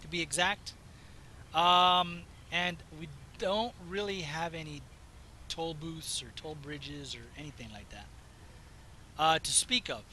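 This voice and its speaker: A man from the Southwest United States, chatting casually and meandering as he plays a driving game, his voice slightly hoarse. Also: on the high side, takes it slowly, pushed and bright, a little hiss or hum, rough recording. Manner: chatty, meandering, self-interrupting. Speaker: gaming video host. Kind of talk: casual rambling commentary while playing.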